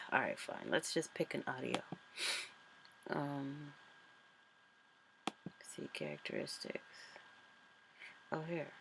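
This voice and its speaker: A woman's voice: a bass voice, big pitch swings, slow, gravelly, pauses often, noisy background. A woman author chatting casually and thinking aloud as she walks through a screen-recorded tutorial. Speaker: author and vlogger.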